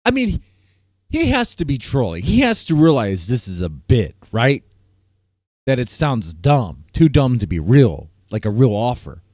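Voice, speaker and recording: A man's voice: medium pitch, wildly swooping pitch, measured pace, a little mellow, no room sound, studio quality. A man hosting a casual live-stream panel, ranting and repeating himself, breaking into laughter often. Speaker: stream host.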